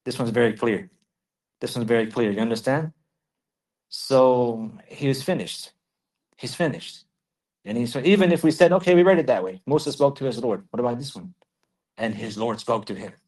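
A man giving a religious lesson, repeating key phrases for emphasis and reciting Arabic verses quickly. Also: mid-range voice, a little mellow, poor audio. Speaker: Islamic teacher.

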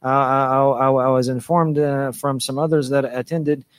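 A man's voice: mid-range voice, fairly even intonation, moderate pace, smooth, no echo. A man teaching a religious lecture, repeating phrases for emphasis and mixing in Arabic phrases. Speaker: Islamic preacher and teacher.

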